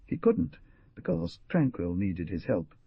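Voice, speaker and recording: A man voicing a sweet, timid young woman alone at a frontier inn, with a husky voice. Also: on the low side, very animated, a little slow, no echo, phone-quality sound, exaggerated voice. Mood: earnest. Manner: sweet, earnest.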